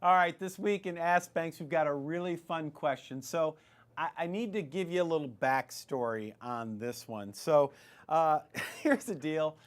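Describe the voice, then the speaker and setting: A man's voice: fairly high pitch, measured pace. A man hosting a show on retirement investing, talking in a chatty, rambling way with many fillers and restarts. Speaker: financial advice show host. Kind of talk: casual retirement-investing advice talk.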